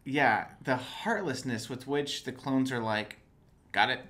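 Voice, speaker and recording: Male podcast co-host, casual and animated, average pitch. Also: unhurried. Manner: animated, acts out quotes in raised voices. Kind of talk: casual fan chat.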